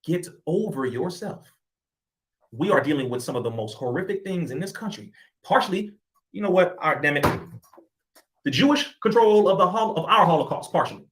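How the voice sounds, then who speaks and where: A man's voice: sits high, expressive, a little fast, fairly bright tone. A man giving an impassioned address to camera, emphatic, sarcastic and repetitive. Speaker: commentator.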